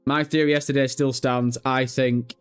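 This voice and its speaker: A man's voice: mid-range voice, level tone, normal speed, clean tone, faint music behind. A man chatting casually on a gaming news livestream, swearing freely and breaking into helpless laughter.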